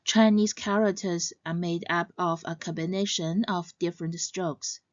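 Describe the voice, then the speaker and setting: A woman giving a scripted educational narration as a language teacher, in a measured, clearly explaining way. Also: fairly low pitch, fairly even intonation, no room sound, highs cut off.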